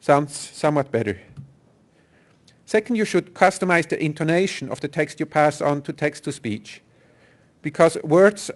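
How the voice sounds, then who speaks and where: A man giving a technical conference talk, explaining step by step with some fillers and restarts. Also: a little high. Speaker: software engineer presenter.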